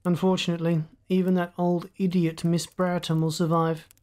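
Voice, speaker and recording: A woman narrator voicing a blunt, indignant middle-aged father who talks gruffly and emphatically. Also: fairly low pitch, level tone, brisk, mellow, close to an everyday voice. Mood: stern.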